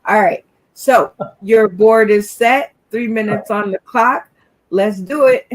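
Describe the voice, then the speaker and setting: A man hosting a comedy game show, friendly and unhurried like an emcee. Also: high voice, no echo.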